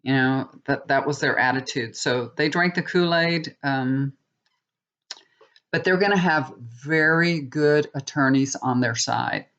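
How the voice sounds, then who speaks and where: A woman's voice: very deep voice, a little slow, a bit bright, lo-fi sound. Chatty woman reading tarot. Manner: chatty, rambling with many restarts, asks viewers "okay?". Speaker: tarot reader. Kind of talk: casual monologue reading.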